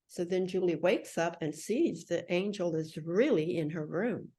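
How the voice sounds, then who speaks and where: A middle-aged woman recounts a personal story as a podcast guest. Her voice sits a bit low, and she slips into the voices of the people she quotes. She tells it with animation. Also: measured pace, hardly any pauses, warm tone, husky.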